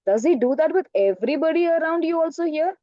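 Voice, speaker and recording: A woman's voice: high voice, animated, fast talker, warm tone, dry recording, lo-fi sound, voice pushed up. A woman doing a stern lion king.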